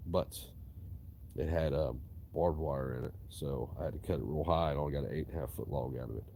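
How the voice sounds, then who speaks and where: A man's voice: extremely low pitch, a little fast, vocal fry, dark tone, a little hiss or hum. A man, rambling profanely and casually about his tree-cutting work. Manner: profane, rambling, drawling storyteller. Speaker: tree cutter vlogging.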